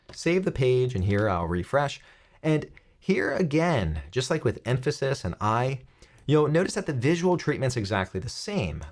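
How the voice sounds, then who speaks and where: Lively man explaining coding steps. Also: medium pitch. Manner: clear step-by-step explaining. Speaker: web coding instructor. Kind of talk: screen-recorded coding tutorial.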